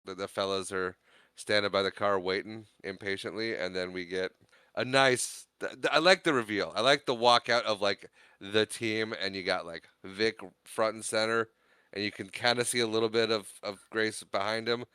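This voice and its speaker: A man co-hosting a podcast, recapping a movie in casual chat, laughing often and slipping into quick character voices. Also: fairly low pitch, fairly even intonation, pushed and bright, clean tone, no room sound. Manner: chatty, laughs often, does quick character voices while retelling scenes. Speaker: podcast co-host.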